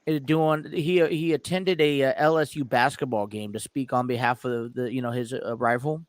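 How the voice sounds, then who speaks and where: A man's voice: medium pitch, fairly even intonation, moderate pace, no room sound, studio quality. A man co-hosting a sports podcast in casual chat, rambling with many restarts and easy laughter.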